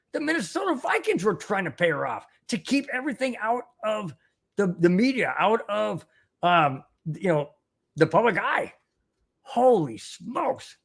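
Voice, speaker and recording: An older host of a sports podcast gives opinionated commentary, reading the news aloud with indignant exclamations and repeated phrases. His voice is medium-pitched and slightly rough.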